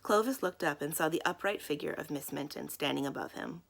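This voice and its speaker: A woman's voice: low voice, fairly quick, gravelly. A woman librarian reading a children's novel aloud, giving the characters their own voices. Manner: acts out the characters' lines in voices. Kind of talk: children's book read-aloud.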